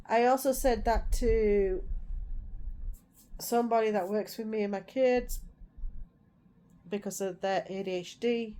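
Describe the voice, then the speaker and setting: A woman's voice: mid-range voice, dark tone. A middle-aged woman vlogging in a rambling, casual way, repeating herself as she tells family stories. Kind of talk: casual chat to camera.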